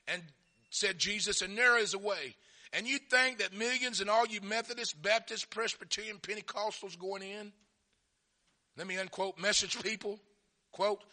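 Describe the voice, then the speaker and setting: A middle-aged man preaching a sermon, telling folksy stories and swinging from quiet asides to shouted fervor. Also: high-pitched, moderate pace.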